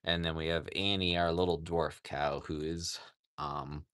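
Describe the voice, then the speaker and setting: A man hosting a casual livestream from a farm animal sanctuary outdoors, rambling with lots of "like" and talking softly to the animals beside him. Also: sits low, fairly even intonation, moderate pace, clear, resonant tone, no echo, studio quality. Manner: rambling, says "like" often, talks softly to animals.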